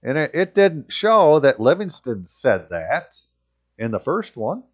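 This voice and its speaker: A man's voice: a little high, big pitch swings, a little slow, lo-fi sound. A man reading passages aloud and commenting on them in casual, sarcastic asides as a channel host.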